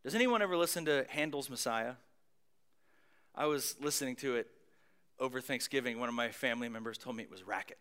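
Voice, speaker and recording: A man preaching a sermon, moving between booming emphasis and hushed near-whispers, with casual conversational asides. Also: fairly quick. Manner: conversational asides with light humor. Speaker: pastor.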